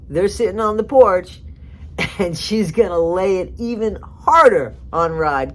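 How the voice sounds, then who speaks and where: A woman's voice: medium pitch, lively intonation, measured pace. Woman rambling through casual commentary. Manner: chatty, rambling, sarcastic asides. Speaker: commentary vlogger.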